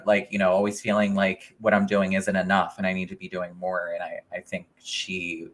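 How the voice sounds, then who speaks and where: Brief: male podcast co-host, low-ish bright voice, teasing jokes. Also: completely flat delivery, normal speed, few pauses. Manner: teasing, joking interjections. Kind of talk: casual chat.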